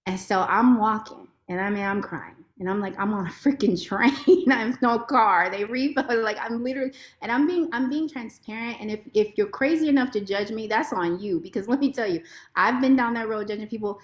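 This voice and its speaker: A woman lawyer giving a heartfelt, expressive personal testimony as a podcast guest. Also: a little high, brisk. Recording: roomy echo.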